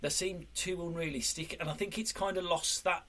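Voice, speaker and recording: A man's voice: on the high side, steady tone, normal speed, sharp tone. A man hosting a podcast in an easygoing, agreeable chat. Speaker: podcast host. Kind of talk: casual chat.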